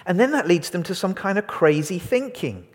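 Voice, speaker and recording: A man preaching a sermon, animated and asking his congregation questions. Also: sits high, moderate pace. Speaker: pastor. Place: church hall. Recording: long hall reverb.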